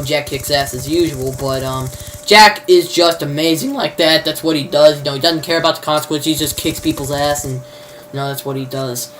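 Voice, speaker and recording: A man's voice: on the high side, fairly bright tone, a little hiss or hum, low-quality recording. A man reviewing a TV show in a loose spoken recap, rambling and leaning constantly on "you know" fillers. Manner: informal, mild swearing substitutes.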